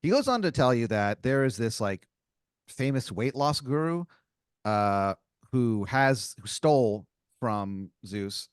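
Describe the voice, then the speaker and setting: A man's voice: fairly low pitch, clean tone, dry recording, studio quality. A man hosting a comedy podcast, narrating an improvised story in a loose, rambling way.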